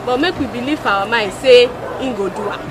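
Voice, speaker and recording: A woman's voice: a little high, a little fast, close to an everyday voice, low-quality recording. A woman playing a royal wife who speaks to the king in a placating, deferential way with a Nigerian accent. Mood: soothing. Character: soothing royal wife, queen. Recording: outdoors with crowd and noise.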